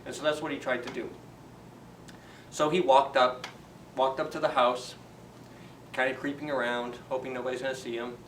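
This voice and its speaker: A man retelling a fairy tale for children's story time in a chatty, animated way, asking the kids questions. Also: medium pitch, normal speed, pauses often, a little hiss or hum. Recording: roomy echo, distant from the mic.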